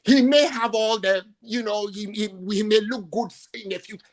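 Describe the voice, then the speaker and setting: A man's voice: high voice, moderate pace. Exasperated, stammering male caller. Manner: emotional, exasperated, stammering repetitions. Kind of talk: impassioned call-in rant. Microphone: video call.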